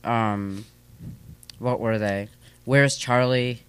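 A man's voice: medium pitch, steady tone, extremely slow, fairly bright tone, clear, resonant tone, dry recording. A man in his thirties in a casual interview, rambling and self-deprecating with lots of fillers, speaking into a studio microphone. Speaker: guest, comedic performer.

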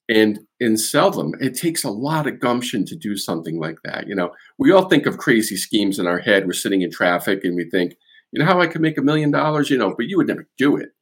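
A man, a guest author on a podcast, explaining a case in animated storytelling with restarts. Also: fairly low pitch, breathy edge. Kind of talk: podcast interview.

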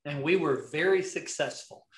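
A man's voice: a little high, normal speed, echoey room. A middle-aged man with a Southern accent, a guest telling rambling stories in a casual interview, full of restarts. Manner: rambling, many restarts, animated anecdotes. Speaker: podcast guest, video marketing coach.

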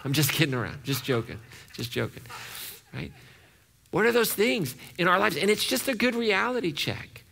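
A man preaching a sermon as pastor, animated and acting out the voices he quotes. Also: high voice, normal speed, vocal fry.

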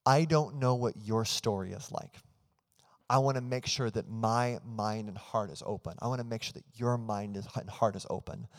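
A man's voice: on the low side, normal speed, big-room sound. A man in his thirties preaching a sermon as pastor, telling a family story earnestly and leading into prayer. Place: church hall.

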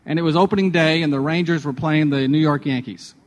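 A man's voice: on the high side, steady tone, quick pace, in a large hall. A man hosting a radio devotional, telling personal anecdotes in a chatty way before drawing a sermon point. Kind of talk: conversational devotional storytelling.

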